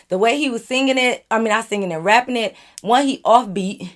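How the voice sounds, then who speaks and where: A woman vlogger telling a casual storytime, animated and chatty, talking straight to her viewers. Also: on the high side, a little fast, few pauses.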